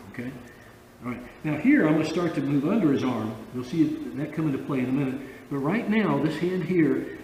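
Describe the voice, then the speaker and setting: Male judo instructor, slightly high voice, talking from across an echoey gym hall. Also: dark tone, slight background noise. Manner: explains step by step, checks in with frequent "okay?". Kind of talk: instructional demonstration. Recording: echoey hall, far from the mic.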